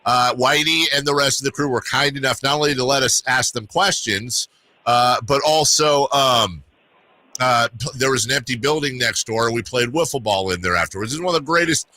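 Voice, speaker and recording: Bright-voiced man hosting sports radio. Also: mid-range voice, a little fast, no room sound. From Sacramento area. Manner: chatty, rambling storyteller with restarts. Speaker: radio sports talk host. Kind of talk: casual radio chat.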